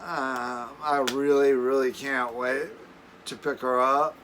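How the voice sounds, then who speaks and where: A man's voice: medium pitch, flat delivery, slow, a bit bright, a little hiss or hum. Chuckling rambling man telling camp stories. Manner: rambling, chuckling, many restarts. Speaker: camping vlogger. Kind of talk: casual storytelling. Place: camper.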